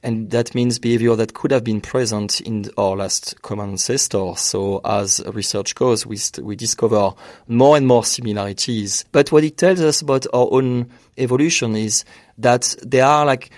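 A man's voice: medium pitch, steady tone, moderate pace, darkish tone, dry recording, studio quality. A man being interviewed as a researcher, explaining carefully with slightly non-native phrasing. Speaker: researcher guest. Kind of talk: interview answers.

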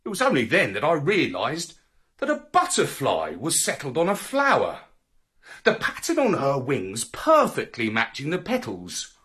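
A man reading a children's story aloud in the first person, with an expressive, swooping storybook delivery. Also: on the high side, normal speed, breathy edge.

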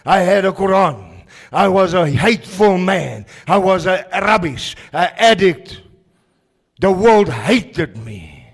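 A South African man preaching a fervent testimony sermon at a service in a prison, with a raspy voice. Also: high voice, expressive, takes it slowly. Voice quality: raspy, gravelly voice.

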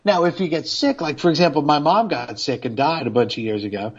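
A man's voice: fairly high pitch, fairly quick, husky, dull audio. A man chatting casually as a podcast guest, hesitant and thinking aloud. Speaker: podcast guest, film critic. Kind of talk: casual chat.

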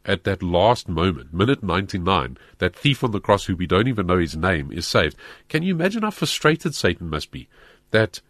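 A man's voice: low voice, sing-song, normal speed, fairly bright tone, dry recording. A man, a pastor earnestly explaining faith questions in a studio discussion. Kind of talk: Christian talk show discussion.

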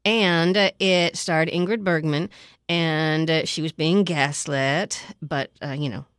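A woman's voice: sits low, steady tone, slow, a bit bright, no echo, clean studio sound. A woman co-hosting a casual movie chat, chatty and prone to digressions about old films. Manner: chatty, digresses into film trivia. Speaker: podcast co-host.

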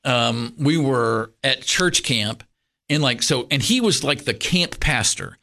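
This middle-aged guest pastor from Kentucky has a gentle drawl and a bright, forward quality, pitched in the medium range. Taking his time, he meanders through an anecdote in a casual interview, stumbling over false starts and leaning on filler words as an animated storyteller.

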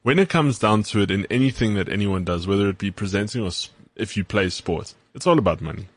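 A man's voice: fairly low pitch, fast. A South African man co-hosting a podcast, chatting in an easygoing, agreeable way. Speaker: podcast co-host. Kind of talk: casual chat.

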